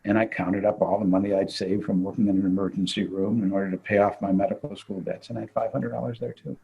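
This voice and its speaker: An older man, a physician, telling an animated anecdote in conversation and laughing as he goes. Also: lowish voice, fast talker, creaky, husky, highs cut off. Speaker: guest physician. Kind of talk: storytelling in conversation.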